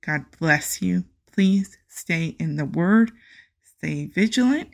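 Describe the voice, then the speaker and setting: A woman hosting a faith podcast, speaking earnestly and with passion, and reading scripture slowly and emphatically. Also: fairly low pitch, expressive, creaky. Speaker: podcast host.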